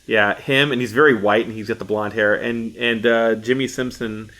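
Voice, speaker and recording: A man's voice: lowish voice, steady tone, moderate pace, bright, forceful tone. A man as a podcast guest in casual chat, easygoing and a bit hesitant. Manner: easygoing, explains picks with some hesitation.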